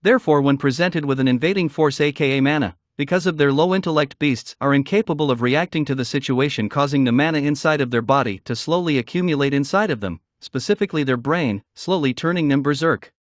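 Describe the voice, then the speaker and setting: Man reading a fantasy novel aloud, slightly high voice, very dry recording. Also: fast talker, hardly any pauses, dry recording. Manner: steady reading with occasional slips. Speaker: audiobook narrator. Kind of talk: first-person novel narration.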